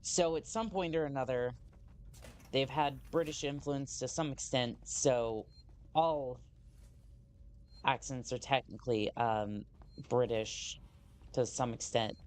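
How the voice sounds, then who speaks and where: A woman game streamer talking casually into her desk mic, rambling as she plays. She often restarts her sentences and slows down to read on-screen text aloud. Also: a bass voice, a little mellow. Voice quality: rambling, self-correcting, reads on-screen text slowly. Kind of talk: casual gameplay commentary.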